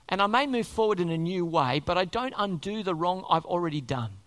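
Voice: mid-range voice, expressive, a little fast, hardly any pauses, fairly bright tone. A preacher delivering a sermon, speaking emphatically, repeating key words and asking many rhetorical questions.

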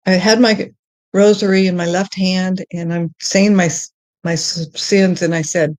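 A middle-aged woman sharing her personal faith testimony in conversation, halting with many restarts, and climbing high and excited when she tells of joy. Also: no room sound.

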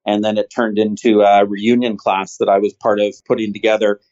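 A man being interviewed as a company founder, telling stories in an earnest, animated way. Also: on the low side, fairly quick. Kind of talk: casual interview chat. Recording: slightly dull lo-fi sound.

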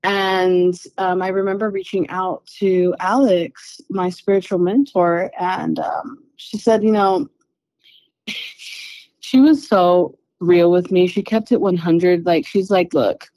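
A woman in a podcast interview tells a personal story in a candid, lively way, not shy about swearing. Her voice is warm and mellow. The recording is dry and close. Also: lowish voice, slow, no echo, low-quality recording. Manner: animated, candid, swears freely. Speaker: interview guest, spiritual healer.

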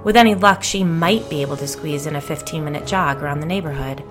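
A woman narrating a story as an audiobook in a measured, low-key reading, with faint music behind her. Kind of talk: scripted first-person fiction narration.

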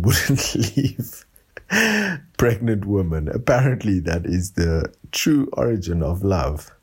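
A man from South Africa recording a rambling late-night voice note for his podcast, speaking softly after drinking wine. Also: sits low, breathy edge. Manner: soft-spoken, rambling. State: tipsy from wine. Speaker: podcast host. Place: room at home.

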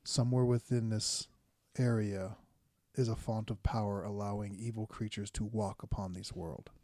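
A man playing a high cleric, speaking in a formal, measured and earnest way. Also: fairly even intonation, darkish tone, dry recording, lightly acted.

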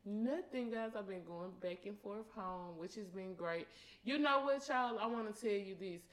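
A young adult woman co-hosting a podcast, blunt, profane and excitable in casual chat. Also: medium pitch, normal speed, low-quality recording. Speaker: podcast co-host.

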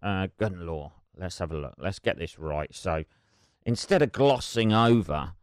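A man's voice: sits low, animated, unhurried, clean tone, dry recording, clean studio sound. A man hosting a solo podcast, rambling and wry with constant swearing, sipping tea as he talks. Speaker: podcast host.

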